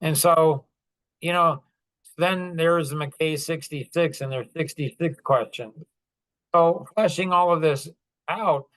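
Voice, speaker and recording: A man's voice: on the high side, slow, a bit bright. A middle-aged man hosting a podcast, telling a personal story in a rambling, conversational way, earnest and a little apologetic. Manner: rambling, conversational, with many restarts and asides. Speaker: podcast host. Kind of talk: casual storytelling monologue.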